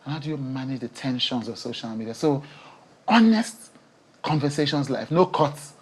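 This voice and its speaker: Animated woman talk show host. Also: a bass voice, brisk, husky. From Nigeria. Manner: animated, emotional, laughs often. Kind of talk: TV studio interview. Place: TV studio.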